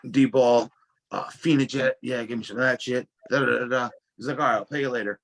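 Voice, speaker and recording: A man's voice: medium pitch, fairly even intonation, fairly quick, creaky. A young adult man telling casual stories as a guest, swearing freely and stumbling through restarts. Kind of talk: casual storytelling.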